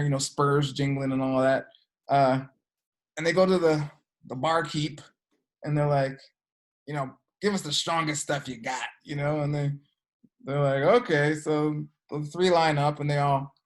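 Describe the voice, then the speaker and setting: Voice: fairly even intonation, measured pace, pauses often. Energy work teacher, casual class talk, filler-heavy, acts out characters. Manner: chatty, peppered with "like" and "you know"; acts out characters with sudden pitch jumps.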